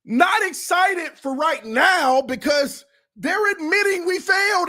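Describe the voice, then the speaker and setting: A man with a high-pitched voice hosts a sports fan livestream in casual commentary. He talks in an emotional, confessional way and keeps circling back to repeat his point. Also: measured pace, bright, forceful tone. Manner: casual, repeats himself for emphasis. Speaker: sports fan show host.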